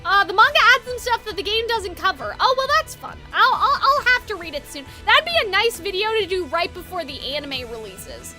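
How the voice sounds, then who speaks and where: A woman's voice: extremely high pitch, sing-song, fairly quick, few pauses, sharp tone, faint music behind. A woman streaming a game, chatting casually and rambling, with a dry throat.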